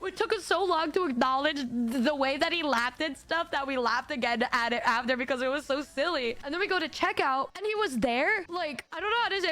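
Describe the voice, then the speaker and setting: A high-pitched woman streamer recounting a story in casual chat. She is giggly and excitable and often breaks into laughter as she goes. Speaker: VTuber streamer.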